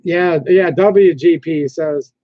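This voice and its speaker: A man's voice: a little high, slow, dry recording. A man hosting a casual livestream, rambling and reading viewer comments aloud, with frequent restarts. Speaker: livestream host. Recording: dull lo-fi stream audio.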